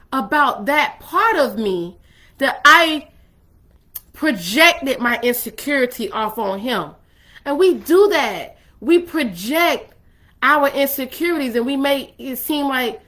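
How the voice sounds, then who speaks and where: A woman's voice: high-pitched, a bit bright. A woman hosting a faith-based talk on love and relationships, speaking in a conversational, emphatic, preacherly way. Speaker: ministry host.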